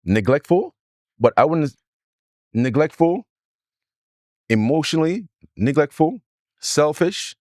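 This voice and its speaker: A man's voice: a little high, very animated, slow pace, long pauses, a little mellow, dry recording, clean studio sound. A man co-hosting a casual podcast, insistent and repetitive as he argues his point with his co-host. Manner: insistent, repeats himself, talks over his partner. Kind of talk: casual argumentative chat.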